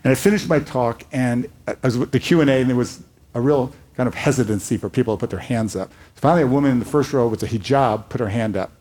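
A man's voice: medium pitch, quick pace. An older man, a rabbi, speaking earnestly and telling stories on a panel before a live audience. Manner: earnest storytelling, animated quotes.

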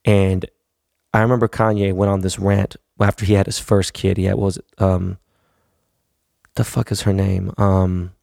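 A gravelly, low-voiced man in his thirties talks straight into a dry, close microphone. He hosts his own podcast and rambles bluntly, swearing freely as he makes his points. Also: level tone, moderate pace, a little mellow, no room sound. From United States, West Coast. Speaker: podcast host. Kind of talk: casual monologue.

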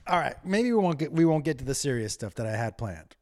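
A man of ordinary pitch talks to his listeners in a loose, unscripted monologue. He rambles from one crude anecdote to the next and pokes fun at himself. His casual delivery keeps wandering off topic. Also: sing-song, quick pace, darkish tone. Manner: rambling, digressive, self-deprecating, crude humor. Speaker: solo podcast host.

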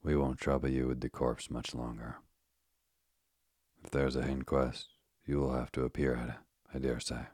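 A burly asylum keeper, blunt and callous, delivered offhand by a man reading the part. The voice sits extremely low and husky, with a flat melody. Dry, close sound. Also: moderate pace, no room sound. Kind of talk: sleep story reading.

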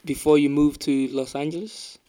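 Male interviewer, curious and probing, pitch a bit raised. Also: fairly even intonation, moderate pace, mellow. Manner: probing follow-up questions. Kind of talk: casual interview chat.

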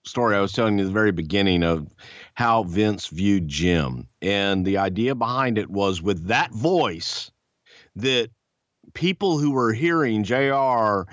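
A man with a Southern accent co-hosting a podcast, telling a story bluntly with swearing and putting on excited voices. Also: lowish voice, a little slow, no echo, muffled recording. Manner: blunt, profane, animated, puts on excited voices. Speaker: podcast co-host. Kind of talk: casual storytelling chat.

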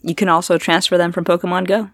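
A woman co-hosting a gaming podcast, relaxed, informative and matter-of-fact as she gives her review. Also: fairly low pitch, fast talker, no room sound, studio quality. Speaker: podcast co-host, game reviewer. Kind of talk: casual podcast chat.

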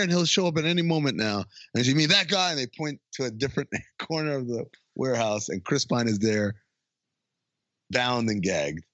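A man's voice: medium pitch, normal speed, no room sound. A man chats casually as he recaps a comedy film, bouncing into exaggerated voices for each character and breaking into laughs. The recording is dry and a little dull, with no room sound. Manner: animated, acts out lines in funny voices, laughs often. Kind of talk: casual chat recapping a movie.

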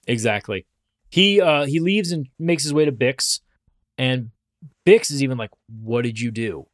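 A podcast co-host with a fairly high, expressive voice talks a little slowly, recapping an episode in casual chat and acting out the characters' lines along the way. The studio sound is clean with no echo.

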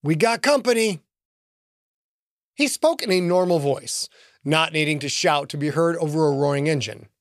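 Man, audiobook narrator, animated pitch, dry close recording. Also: normal speed, vocal fry, no echo.

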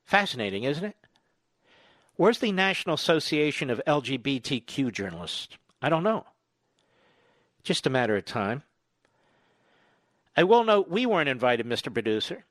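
A male talk radio host delivering a combative, sarcastic political monologue full of rapid-fire rhetorical questions. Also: medium pitch, sing-song, a bit bright, dry recording, studio quality.

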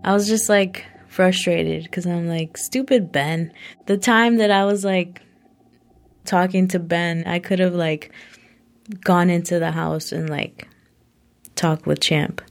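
A woman's voice: lowish voice, steady tone, slow pace, vocal fry. A young woman telling a personal story in a casual way, full of "like" fillers.

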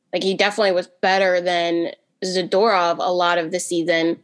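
Chatty woman, quick and full of restarts. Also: on the low side. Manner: talks fast in bursts with many restarts and fillers. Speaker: podcast panelist. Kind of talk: casual chat.

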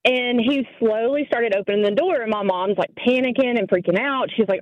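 A woman from Tennessee calling in to tell a story in a casual, animated way. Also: a little high, a little fast, no room sound, highs cut off. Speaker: caller.

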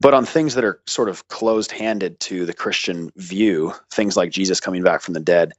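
Very low-voiced man explaining at ease. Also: normal speed, no echo, dull audio. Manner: thoughtful, hedging, with dry jokes. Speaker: guest, seminary graduate. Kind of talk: casual conversational explanation.

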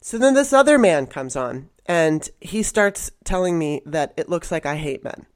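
A woman's voice: low voice, moderate pace, no echo. Blunt, fiery woman telling a story. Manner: blunt, animated storytelling with swearing. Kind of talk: casual chat.

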